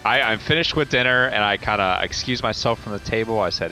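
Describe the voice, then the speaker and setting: A man's voice: fairly low pitch, a little fast, hardly any pauses, bright, forceful tone, soft background music. A man playing a tabletop game, speaking hesitantly with many ums and swearing when annoyed. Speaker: player. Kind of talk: casual tabletop role-play.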